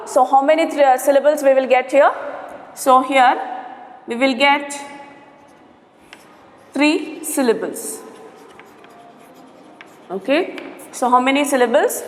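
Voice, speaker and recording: A woman, teaching a grammar lesson, repeating words and saying "okay" often. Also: sits high. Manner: slow, repetitive, spells out syllables, frequent "okay". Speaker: English teacher. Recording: roomy echo with long reverb.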